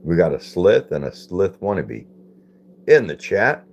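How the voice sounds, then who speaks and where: A man's voice: low-pitched, sing-song, unhurried, gravelly, a little mellow, lo-fi sound. A man hosting a casual live stream, reading viewer comments aloud, repeating phrases and puzzling over them.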